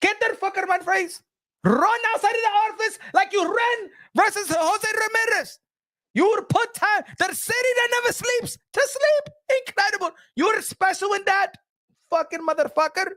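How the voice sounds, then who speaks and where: A man impersonating a furious, rich male boxing promoter who shouts and swears as he scolds a fighter. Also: extremely high pitch, normal speed, pitched above the performer's own voice.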